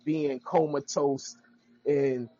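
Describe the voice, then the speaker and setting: A man co-hosting a podcast in loose, joking casual chat, thinking out loud. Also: on the high side, level tone, takes it slowly. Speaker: podcast co-host. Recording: dull lo-fi audio.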